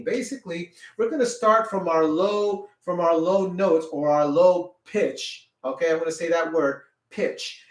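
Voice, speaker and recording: A man with a high speaking voice teaches a children's music lesson, checking in with "okay?" at every step. He sounds a little away from the mic in an echoey room, with a piano heard now and then. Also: recorded from a distance. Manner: encouraging, repeats "okay?" often.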